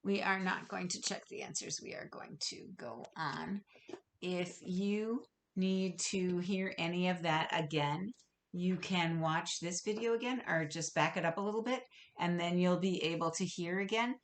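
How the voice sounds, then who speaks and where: A middle-aged woman teacher giving a gentle, slow, encouraging video lesson to young children, asking them questions as she goes. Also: fairly low pitch, a little hiss or hum.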